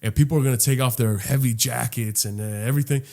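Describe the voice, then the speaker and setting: A man's voice: medium pitch, fast, creaky. A man co-hosting a podcast, telling jokey stories with lots of swearing and little acted-out voices. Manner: animated storytelling, swears a lot, acts out little voices. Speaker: podcast co-host. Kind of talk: casual comedic chat.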